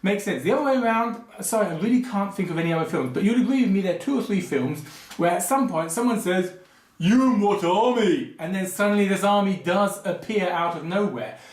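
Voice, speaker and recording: Animated high-voiced man ranting. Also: roomy sound. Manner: digressive, animated ranting with frequent asides. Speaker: film commentary video host. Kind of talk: casual spoken commentary.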